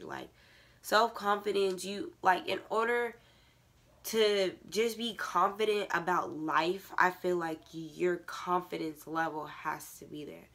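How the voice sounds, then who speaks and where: A woman's voice: fairly low pitch, a little slow, gravelly, a bit bright. A teenage girl vlogging a casual advice rant to camera, with a stuffy, congested nose, filling every phrase with "like". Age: teens.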